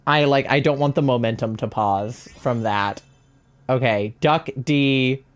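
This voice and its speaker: Unhurried streamer, casual and profane, chatting with viewers mid-game; slow delivery. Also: medium pitch. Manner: chatty, swears freely, talks to chat. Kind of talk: casual live-stream chat while gaming.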